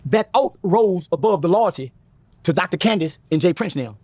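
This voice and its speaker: Husky guy telling a wild story fast and loose, swearing a lot, dry close sound. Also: high-pitched, dry recording. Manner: animated, profane, acts out quoted voices. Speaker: guest. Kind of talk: casual storytelling.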